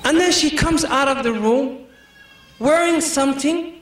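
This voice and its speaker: A man's voice: very high voice, measured pace, a bit bright. A man giving a humorous sermon to a community, telling stories with many asides. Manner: jokey, storytelling, full of "you know". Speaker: Islamic speaker. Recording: echoey hall, mic far off.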